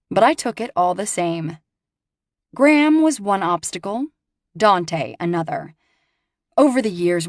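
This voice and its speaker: A woman reading a first-person romance audiobook with expressive, rising emphasis. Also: lowish voice, dry recording, studio quality. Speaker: audiobook narrator.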